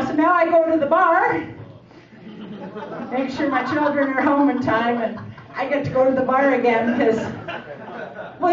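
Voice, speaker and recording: Woman stand-up in her forties, high voice, chatty and teasing, echoey distant club recording with crowd noise. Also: lo-fi sound. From Canada. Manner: chatty, teasing the audience with questions. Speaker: stand-up comedian. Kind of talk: stand-up comedy set. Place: comedy club stage. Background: audience laughter and crowd.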